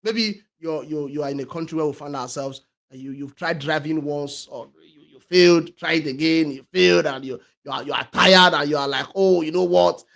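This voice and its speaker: A talk show host with a high-pitched voice gives a brisk motivational talk, driving points home with loud emphasis and repetition. He restarts frequently and lets certain phrases fade nearly to a murmur.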